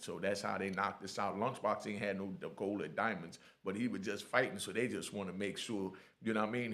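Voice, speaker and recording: A middle-aged man telling his own prison stories in blunt, lively street talk, often asking "you know what I mean". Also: fairly low pitch. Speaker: storyteller sharing prison stories. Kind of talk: casual storytelling.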